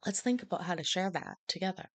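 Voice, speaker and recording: A woman's voice: fairly low pitch, expressive, fast, husky, no room sound. Swearing woman streamer telling a story. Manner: profane, rambling, laughing. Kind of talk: casual storytelling to a live stream.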